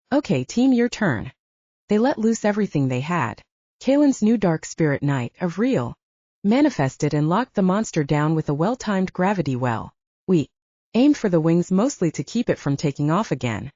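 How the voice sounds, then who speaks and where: A woman narrating a first-person fantasy audiobook in a lively storytelling manner. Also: fairly low pitch, dry recording. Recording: dull, dry, lo-fi.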